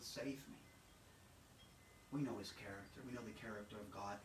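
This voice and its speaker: A man preaching a sermon, dramatic and repetitive, swinging between shouts and hushed, low passages. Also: slight background noise. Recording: echoey room, mic at a distance.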